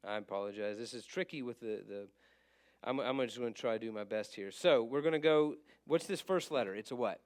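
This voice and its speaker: A man's voice: mid-range voice, a little fast. A man teaching a casual class. He asks questions and answers them himself, and he stops to fix his slips.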